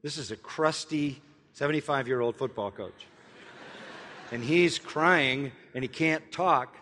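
An older man preaching a sermon, telling a personal story in an earnest way and slowly spelling words out letter by letter. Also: medium pitch, bright, forceful tone, long reverb tail. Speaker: pastor.

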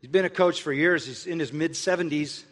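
An older man preaching a sermon, telling a personal story in an earnest way and slowly spelling words out letter by letter. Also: on the high side, fairly bright tone, long reverb tail. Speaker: pastor.

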